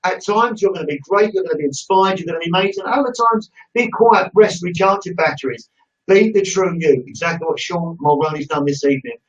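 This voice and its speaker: A British man hosting an online interview, pouring out praise and storytelling with lively gusto. His voice sits a little high. It comes through far from the mic on a muffled, lo-fi call. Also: brisk. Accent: British English. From United Kingdom. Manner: effusive, warm-hearted, storytelling with gusto. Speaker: interview host. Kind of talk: enthusiastic live-stream sign-off.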